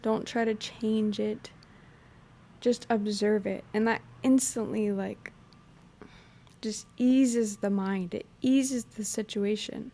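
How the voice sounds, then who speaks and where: A woman's voice: medium pitch, takes it slowly. A young woman hosting her own podcast, talking through a personal story in a casual, reflective way, with lots of "you know" and "like". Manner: relaxed, chatty, frequent "you know" and "like". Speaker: podcast host.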